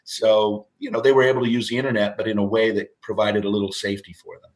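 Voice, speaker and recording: A man in his fifties, guesting on a parenting show, speaks in a lowish, level voice at a quick pace over a rough recording. The interview talk is casual and rambling, full of fillers and restarts.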